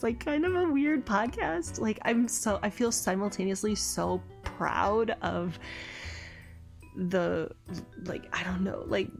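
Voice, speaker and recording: A woman's voice: on the low side, vocal fry. Rambling, sing-songy woman podcaster. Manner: rambling, many fillers and restarts, laughs often; soft, sing-songy soothing way of talking. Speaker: podcast host. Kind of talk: casual voice memo chat.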